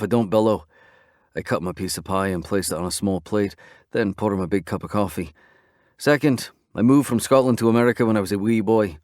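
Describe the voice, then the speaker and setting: Male narrator, low voice, dry close sound, steady conversational audiobook reading. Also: no room sound. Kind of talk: first-person audiobook narration.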